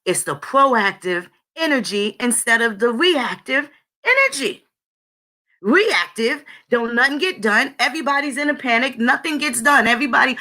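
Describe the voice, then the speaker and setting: A woman's voice: on the high side, sharp tone. A woman hosting her own channel in a blunt, profane, conversational monologue, talking straight to her viewers. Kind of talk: casual spoken monologue.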